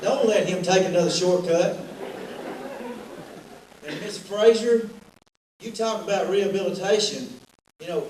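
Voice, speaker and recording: A middle-aged man, an athletic director giving a rambling, joking roast speech full of anecdotes. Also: high-pitched. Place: large banquet hall. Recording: echoey hall, distant and noisy.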